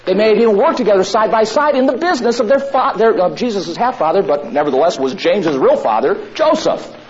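On a dull, lo-fi recording with faint noise behind him, a man preaches with a high, expressive voice at a quick pace. He's emphatic and repeats his key lines for stress.

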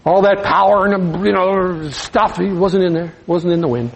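A man's voice: high voice, a little slow, few pauses, rough recording. Folksy conversational male preacher. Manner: conversational, folksy, dropping to soft emphasis. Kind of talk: sermon.

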